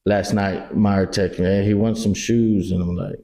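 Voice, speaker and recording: Salty storytelling Texan man, dark voice. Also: lowish voice, normal speed. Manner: animated storyteller, acts out quotes, swears a lot. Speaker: podcast co-host. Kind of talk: casual chat.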